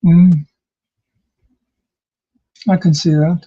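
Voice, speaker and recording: Male co-host, husky and a bit high, loose anecdotal delivery, muffled lo-fi recording. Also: level tone, drawn-out words, mellow. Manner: rambling, anecdotal, with many fillers. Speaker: podcast co-host. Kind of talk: casual chat.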